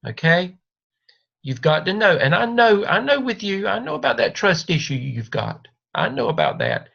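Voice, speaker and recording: A man's voice: sits high, wildly swooping pitch, normal speed, vocal fry, a bit bright. Man coaching a student over a video call. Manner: reassuring, repetitive, coaching. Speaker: doctoral advisor. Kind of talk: one-on-one video call mentoring. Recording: dull lo-fi video call audio.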